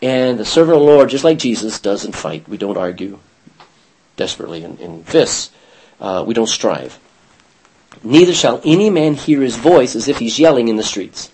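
A man's voice: medium pitch, sing-song, moderate pace, darkish tone, slight background noise, rough recording. A man leading a Bible study class, reading scripture aloud and putting questions to his students.

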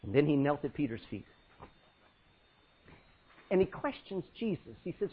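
Animated man preaching, husky voice. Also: fairly high pitch, moderate pace, long pauses, narrow, tinny audio. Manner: animated, acts out Bible scenes with laughs and dramatic drops in volume. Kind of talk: sermon.

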